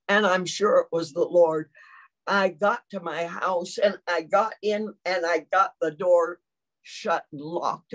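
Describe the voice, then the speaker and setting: An older woman, preaching a sermon and telling a personal story with lots of acted-out quotes. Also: on the low side.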